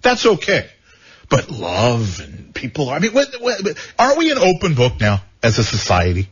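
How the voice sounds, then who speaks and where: A man's voice: medium pitch, wildly swooping pitch, normal speed, a little hiss or hum. A man hosting a talk radio show, joking and rambling with frequent stammered repeats. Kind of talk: casual talk radio banter. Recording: dull lo-fi radio sound.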